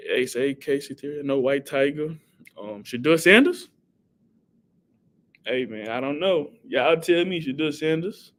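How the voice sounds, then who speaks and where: Animated man hosting a live stream. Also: medium pitch. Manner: animated, reads viewer comments and gives shout-outs. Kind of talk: casual live stream chat.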